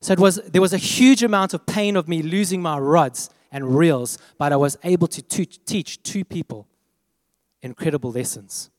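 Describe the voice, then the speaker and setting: A man preaches through a personal story in an animated way, acting out the voices of the people in it. His voice sits a little high for a man. The sound is close and dry, yet a long hall reverb hangs behind it. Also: moderate pace. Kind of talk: storytelling sermon.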